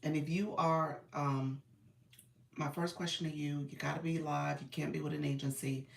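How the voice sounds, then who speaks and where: A woman's voice: low-pitched, fairly even intonation, moderate pace, gravelly, recorded from a distance. Congested woman chatting on a roomy live stream. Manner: chatty, laughs often, addresses viewers as y'all. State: congested, clearing her throat. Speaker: live stream host and creator coach. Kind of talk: casual live-stream chat reading viewer comments.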